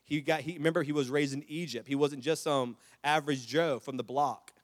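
A middle-aged man preaching a sermon, telling stories with repeated restarts and building to loud, impassioned climaxes. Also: on the high side, steady tone, fairly quick, big-room sound. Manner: storytelling with repetitions and restarts. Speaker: pastor.

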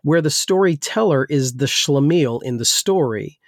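A man who grew up in New Jersey and serves as a pastor, talking through ideas in a casual, rambling way full of restarts. His voice sits a little high and still sounds slightly weak. The sound is close and dry, with no room echo. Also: animated, moderate pace. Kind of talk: casual discussion.

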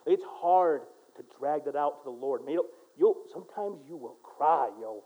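A man preaching a sermon with a fairly high voice. He drops low and quiet for prayers, then climbs into loud, emphatic calls to his listeners. The recording sounds a little dull and lo-fi. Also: animated, normal speed. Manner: swings from hushed prayer to loud emphatic exhortation. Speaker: pastor.

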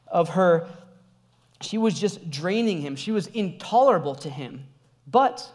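A young male pastor with a notably high-pitched voice, preaching in a relaxed, conversational way. He tells stories with animation and the odd laugh, easy and personable rather than formal. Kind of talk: sermon with personal story.

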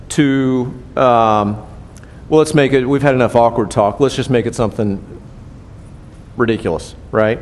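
An older male pastor gives a sermon in a chatty, back-and-forth manner, checking in with the listeners after nearly every point. His voice sits at an ordinary middle pitch. A long reverb trails off the walls of the hall. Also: lively intonation, normal speed. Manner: conversational, asks the room questions, often tags "right?".

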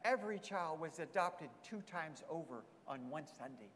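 A man's voice: a little high, expressive, moderate pace, background noise. A man preaching a sermon as a pastor, earnest, repeating emphatic phrases. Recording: long hall reverb.

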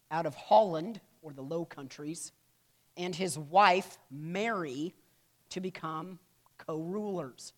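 A church history teacher talks a class through the material in a loose, conversational way. The delivery keeps pausing for "right?" and "okay?" check-ins and wanders into light, joking asides. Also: medium pitch. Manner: humorous asides. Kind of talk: classroom lecture.

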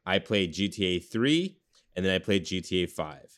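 A man's voice: low voice, lively intonation, moderate pace, fairly bright tone. A man hosting a podcast in a rambling casual chat, full of fillers and restarts. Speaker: podcast host.

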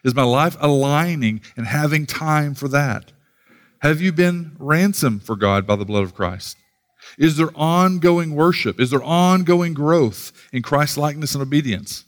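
A man's voice: on the high side, lively intonation, measured pace. A man from the United States preaching a sermon, earnest, often repeating words as he starts a thought and reading scripture aloud. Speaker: pastor.

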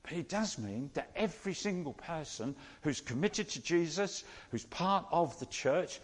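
A man preaching a sermon, teaching slowly and repeating key phrases for emphasis. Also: on the high side, lively intonation, husky, big-room sound.

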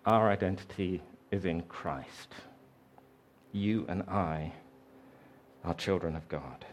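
A man preaching a sermon, telling a story slowly and reflectively, raising his voice for the quoted lines. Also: deep voice, slight background noise.

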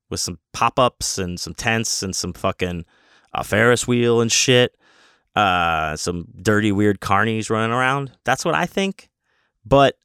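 A man's voice: medium pitch, fairly bright tone, dry recording, studio quality. Rambling, cursing man telling a story. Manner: rambling and profane, with many restarts. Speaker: convention guest. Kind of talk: casual storytelling.

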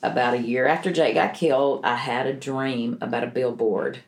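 A woman's voice: very deep voice, fairly even intonation, moderate pace, gravelly. A woman, a bereaved mother telling a personal story in an interview, earnest and emotional with many restarts.

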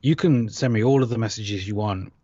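Fairly low-pitched and mellow, this man from Britain speaks fairly quickly while co-hosting a podcast. It's a casual, chatty conversation full of self-mockery and frequent laughter, captured in a dry, lo-fi recording.

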